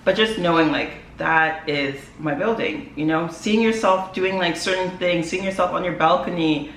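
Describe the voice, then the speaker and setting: A woman's voice: on the low side, moderate pace, a bit bright. Chatty young woman vlogging in echoey room. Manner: chatty and emotional, frequent "like" fillers, laughs often. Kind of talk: casual talking-to-camera vlog. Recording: echoey room with faint ambient noise.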